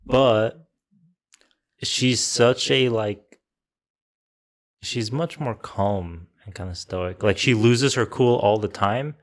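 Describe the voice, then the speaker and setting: A man's voice: lowish voice, slow pace, long pauses. A man co-hosting a podcast, chatting casually about a film and thinking aloud in long, restarting sentences. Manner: talks in long, restarting trains of thought. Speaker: podcast co-host. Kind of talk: casual film review chat.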